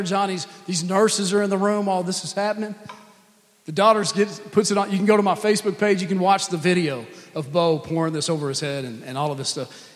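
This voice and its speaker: A man preaching a sermon, telling a story earnestly and acting out the dialogue of the people in it. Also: sits high. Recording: long reverb of a hall.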